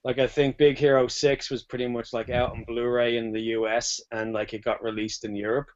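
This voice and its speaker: A man's voice: medium pitch, flat delivery, a little fast, darkish tone. A man co-hosting a casual film podcast, chatty and joking, saying "like" a lot. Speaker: podcast co-host. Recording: dull lo-fi podcast mic.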